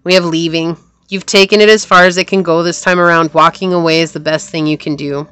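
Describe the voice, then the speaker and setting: A woman's voice: fairly low pitch, fairly even intonation, fairly quick, fairly bright tone, smooth. A woman giving a casual tarot reading to camera, rambling and repeating phrases, with a sore throat. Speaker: tarot reader.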